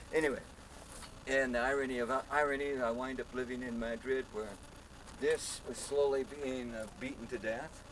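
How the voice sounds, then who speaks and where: A man in his seventies, a muralist, telling stories in an interview in a lively way and acting out the people in them. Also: mid-range voice, moderate pace, a little hiss or hum, poor audio. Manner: lively storyteller, acts out voices. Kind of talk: storytelling interview.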